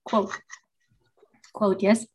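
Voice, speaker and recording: A woman co-hosting a podcast who talks hesitantly, searching for words with many fillers, and reads passages aloud in casual chat. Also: very slow. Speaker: podcast co-host.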